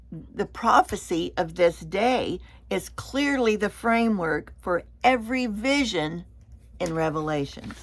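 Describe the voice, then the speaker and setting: A woman leading a Bible study lesson, explaining slowly and deliberately and sometimes repeating a word as she goes. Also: on the low side.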